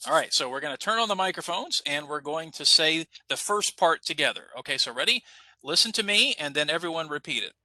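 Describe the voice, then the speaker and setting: Male ESL teacher, upbeat coach, bright animated voice, dry close mic. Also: on the high side, a little fast, no room sound, low-quality recording. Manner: upbeat, coaching students to repeat. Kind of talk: online class instruction.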